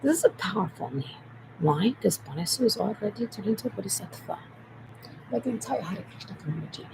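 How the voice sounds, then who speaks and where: A speaker in a rambling monologue while typing, repeating points emphatically and swinging between whispers and loud outbursts. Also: mid-range voice, vocal fry, background noise. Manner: repetitive, emphatic.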